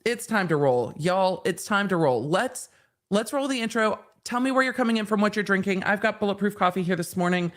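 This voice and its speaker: A woman hosting a live stream from a home studio, bubbly and playful, close on a studio mic. She reads viewer comments aloud with a middle-pitched, chatty voice. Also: animated, fairly quick. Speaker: legal commentator, host. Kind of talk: casual livestream chat. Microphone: studio microphone.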